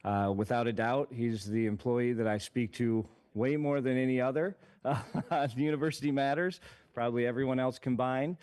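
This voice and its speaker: A university regent making remarks at a board meeting, halting with fillers and teasing with heavy sarcasm. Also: male voice, medium pitch, steady tone, darkish tone. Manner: joking, teasing, with many fillers.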